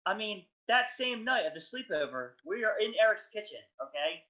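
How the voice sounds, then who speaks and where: A man's voice: high-pitched, moderate pace. A young man co-hosting a podcast, telling stories in casual chat with lots of fillers. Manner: lively storytelling, many fillers. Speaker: podcast co-host. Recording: dull lo-fi sound.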